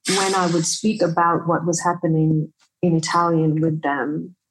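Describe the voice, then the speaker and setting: A woman from the United States with a fairly low voice for a woman. She answers as a guest in a conversational interview. She speaks earnestly and reflectively, repeating phrases as she works out her thoughts. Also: level tone, normal speed, a little hiss or hum, poor audio.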